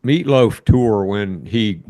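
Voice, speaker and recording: A man's voice: fairly low pitch, lively intonation, takes it slowly, mellow, no echo. A man hosting a podcast, asking short, casual questions and laughing along with his guest. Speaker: podcast host. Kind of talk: casual interview chat.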